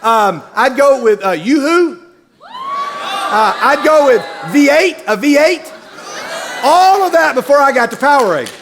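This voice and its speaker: High-voiced animated man telling a story. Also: measured pace, crowd noise, background noise. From Middle Tennessee. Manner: animated, comic storyteller who acts out characters. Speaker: speaker at a university gathering. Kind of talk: storytelling sermon.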